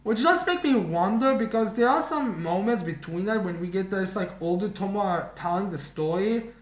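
A man's voice: sits high, expressive, normal speed. A man casually reviewing a manga chapter, rambling and thinking aloud as he goes. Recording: roomy echo.

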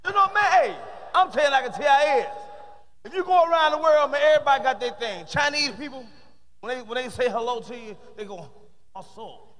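High-voiced profane stand-up comedian. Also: male voice, animated, fast talker, a bit bright. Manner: punchy, heavily profane delivery. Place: stage with a live audience.

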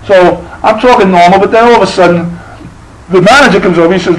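A man's voice: high-pitched, fast, slight background noise, low-quality recording. A middle-aged man with a lisp, telling a profane, rambling stand-up story full of restarts. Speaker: stand-up comedian.

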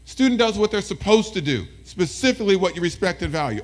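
A man giving a motivational presentation to educators as a keynote speaker, lively and talking with the audience, often acting out voices. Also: sits high, fast talker, hardly any pauses. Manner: animated, talks with the audience, acts out voices.

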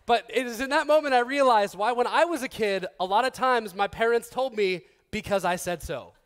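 A man in his thirties preaching a sermon as pastor, conversational and joking, with restarts, who acts out quoted people in a softer, lower voice. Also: a little fast.

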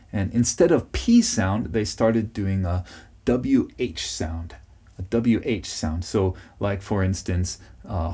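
Man, English teacher, low husky voice, patient and repetitive, checks in often. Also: warm tone. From United States. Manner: patient, repeats key words, checks with "okay?". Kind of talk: podcast pronunciation lesson.

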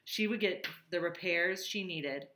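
A woman reading a children's novel aloud in an expressive, emotional way. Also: lowish voice, measured pace, slight background noise. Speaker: reader. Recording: roomy echo.

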